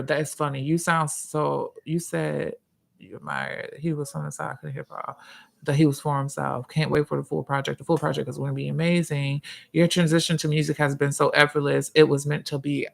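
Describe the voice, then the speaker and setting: A man hosting a casual livestream, reading viewer comments and chatting in a profane, drawn-out way. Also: fairly high pitch, gravelly, a bit bright. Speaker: livestream host and musician.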